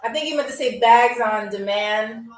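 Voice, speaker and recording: A woman with a fairly high voice hosts a live-streamed game show, teasing her viewers, reading their comments out loud, and pronouncing foreign phrases very slowly. The sound is roomy, with a distant mic and faint music behind her.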